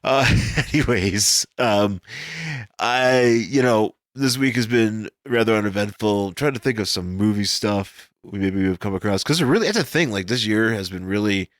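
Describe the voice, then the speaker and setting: A man's voice: lowish voice, moderate pace, no echo, clean studio sound. A man co-hosting a comic book podcast, rambling through his thoughts and often restarting his sentences. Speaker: podcast co-host. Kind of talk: casual chat.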